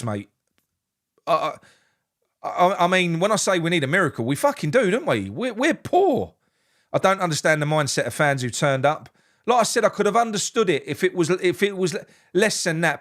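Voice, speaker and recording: A man's voice: fairly high pitch, a bit bright. A man hosting a live fan reaction stream, reading out chat messages and venting his frustration with plenty of swearing and restarts. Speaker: fan channel host.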